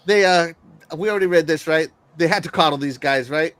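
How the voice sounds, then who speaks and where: A man's voice: a little high, brisk, a bit bright, dry recording. A man hosting a casual gaming news podcast who reads viewer comments aloud and teases his co-hosts. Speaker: podcast host.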